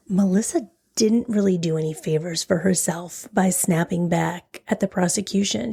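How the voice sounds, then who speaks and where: A woman hosting a true crime podcast, narrating a case in a dramatic way, dropping into whispers and slowing down on key phrases. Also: mid-range voice, vocal fry, warm tone, slightly rough. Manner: dramatic, drops to a whisper for emphasis; slows right down on key phrases.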